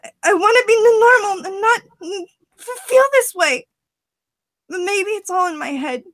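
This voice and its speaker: A woman's voice: extremely high pitch, lively intonation, normal speed, no room sound, voice pushed down, low-quality recording. A woman voicing a distraught, heartbroken teenage boy who stammers and cries out in anguish, for an audition. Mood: anguished, tearful. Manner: sobbing, stammering, shouting in anguish. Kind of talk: voice acting audition.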